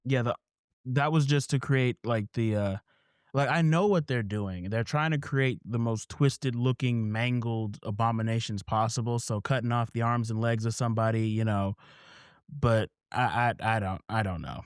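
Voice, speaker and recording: A man co-hosting a casual talk about comics, reacting with wry quick asides. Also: mid-range voice, smooth, dry recording, clean studio sound. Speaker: podcast co-host.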